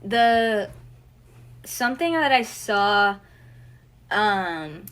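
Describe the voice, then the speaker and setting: Frustrated young woman, halting speech. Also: medium pitch, expressive, a bit bright, low-quality recording. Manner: frustrated, halting, loses her train of thought. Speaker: livestream co-host. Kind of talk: emotional livestream talk.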